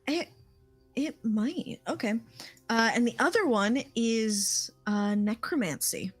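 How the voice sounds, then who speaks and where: A woman running a tabletop game as game master, talking hesitantly with many pauses and fillers. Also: a little high, no echo, faint music behind. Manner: hesitant, many ums and likes.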